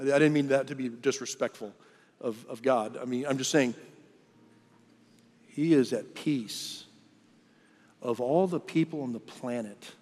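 Male pastor, mid-pitch, conversational sermon delivery with frequent restarts, big hall reverb. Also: a little mellow. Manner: conversational preaching with repeated restarts. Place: church auditorium. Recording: long church hall reverb.

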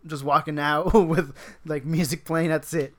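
A man's voice: a little high, steady tone, a little slow, a bit bright. A man chatting casually on a podcast, rambling and swearing freely, often laughing between his words. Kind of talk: casual chat.

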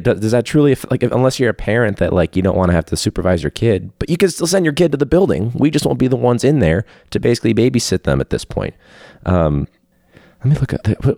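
A man's voice: low voice, mellow, no echo, clean studio sound. A man hosting his own podcast, talking casually and candidly with lots of fillers and the odd curse word. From Chicago area. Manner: rambling, candid, profane, with frequent fillers. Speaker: podcast host, teacher. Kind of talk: casual solo podcast chat. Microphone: phone hooked up to a video call.

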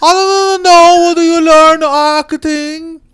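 A man's voice: very high-pitched, steady tone, a little slow, a bit bright, pitched above the performer's own voice. A man putting on a clumsy, exaggerated fake accent, babbling and repeating himself in confusion. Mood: baffled. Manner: babbling, repetitive, baffled.

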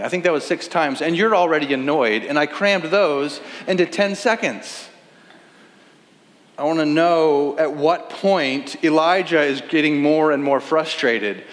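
A man, a pastor, preaching a sermon in earnest with rhetorical questions. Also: on the high side. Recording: reverberant hall.

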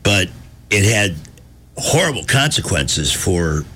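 A man's voice: sits low, very animated, slow pace, sharp tone, breathy edge. A man hosting a radio talk show in a wry, joking, conversational way. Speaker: fill-in radio talk host.

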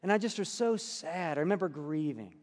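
A middle-aged man preaching a sermon and telling personal stories, earnest, dropping to soft hushed passages and lifting to emphatic ones. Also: fairly high pitch, lively intonation, fairly quick. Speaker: pastor. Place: church sanctuary. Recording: long reverb of a church hall.

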